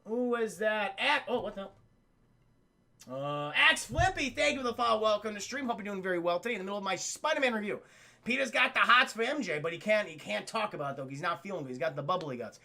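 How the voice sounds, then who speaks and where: Excitable high-voiced streamer man. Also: fast talker, vocal fry. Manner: excitable, swears often, acts out characters' lines. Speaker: live streamer. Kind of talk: casual recap of a cartoon episode to chat.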